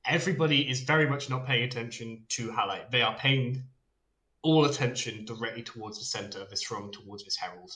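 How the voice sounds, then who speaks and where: Male DM, bright and casual, lots of ums, roomy echoey sound. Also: mid-range voice, brisk. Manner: relaxed, hesitant narration with many fillers. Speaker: dungeon master. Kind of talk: narrating a tabletop game.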